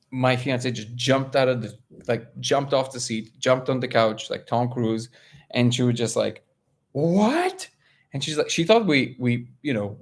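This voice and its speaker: A man from Russia hosting a casual live stream, reading viewer comments aloud and telling a story with lively, high-pitched quotes of other people. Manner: animated storyteller, jumps up in pitch when quoting others. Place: home, living in LA.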